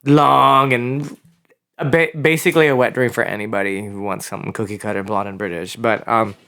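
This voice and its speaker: A man guest on a podcast chatting casually, telling lively stories and slipping into character voices. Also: on the low side, brisk, creaky, clear, resonant tone. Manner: animated storyteller who drops into impressions. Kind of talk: casual chat.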